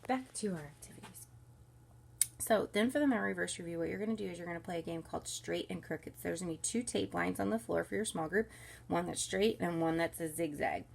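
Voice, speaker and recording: This recorded volunteer training has a woman who leads children's ministry explaining the kindergarten lesson for the week to small group leaders, upbeat and instructive. Her voice is on the low side, quick, creaky and a bit breathy, and she hushes a crying baby softly partway through.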